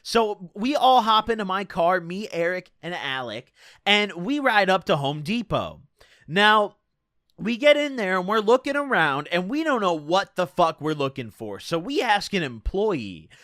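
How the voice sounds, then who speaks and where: A young man in his twenties spins a rambling, profane tale in a high, bouncy voice that swoops up and down. His tone is bright and sharp, and the sound is dry and close. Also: very animated, a little slow, no echo. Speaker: streamer. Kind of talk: casual storytelling.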